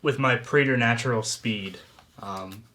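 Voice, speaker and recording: A man's voice: medium pitch, unhurried, bright, forceful tone. A man playing a tabletop game, earnest, often speaking in character as his agent. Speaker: player.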